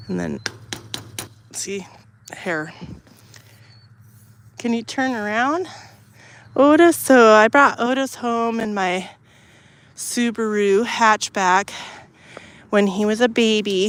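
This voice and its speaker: A woman's voice: medium pitch, slow, long pauses, fairly bright tone, a little hiss or hum. A woman hosting a casual livestream from her garden, filming on a handheld phone and chatting to viewers and her animals. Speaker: livestream host. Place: outdoors in a garden. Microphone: phone held in hand.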